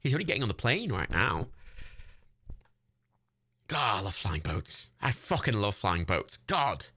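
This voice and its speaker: A man's voice: lowish voice, sing-song, a little slow, sharp tone, husky. A man, hosting a livestream and giving casual, rambling watch-party commentary. He swears freely and laughs often. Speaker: livestream host.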